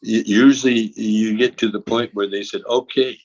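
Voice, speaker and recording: A man's voice: fairly low pitch, steady tone, normal speed, darkish tone, dull audio. A man speaking as an interview guest, rambling and reflective, often repeating words as he gathers his thoughts. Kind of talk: casual conversation.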